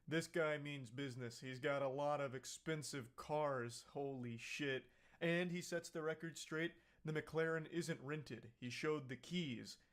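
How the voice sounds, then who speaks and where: A man's voice: fairly high pitch, a little slow, fairly bright tone. A man giving sarcastic, mocking reaction commentary on a video clip. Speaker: commentary YouTuber.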